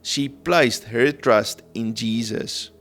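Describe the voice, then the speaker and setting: A man in the middle of his voice, teaching a sermon in an earnest, gentle way and pausing to check in with listeners. Faint music plays underneath. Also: mid-range voice. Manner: gentle, earnest, frequent "okay?" and "right?" checks. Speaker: prophetic minister.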